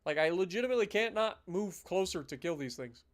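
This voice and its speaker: A man giving casual, animated live commentary as he plays a strategy game, ranting now and then in mock outrage. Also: high-pitched, a little fast. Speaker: gaming streamer.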